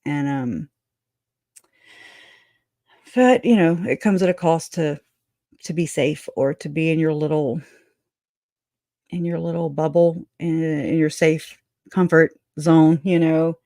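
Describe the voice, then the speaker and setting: A woman hosts a true crime livestream in an emotional chat, rambling, laughing often, and crying as she talks. Her low, mellow voice moves slowly with long pauses, recorded in clean studio sound with no echo.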